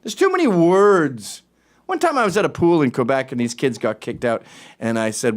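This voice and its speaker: A man hosting a talk show, ranting in an animated, sarcastic way, jumping between loud remarks and muttered asides. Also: medium pitch, normal speed. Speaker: show host. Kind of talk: opinionated talk-show rant.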